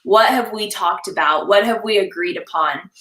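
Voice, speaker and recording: A young woman with a bright, forceful voice talks in a lively, animated way and keeps breaking into laughter. She acts out short scenes as she chats. The sound carries some room echo. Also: medium pitch, moderate pace. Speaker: confidence coach, guest. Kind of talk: casual live-stream chat.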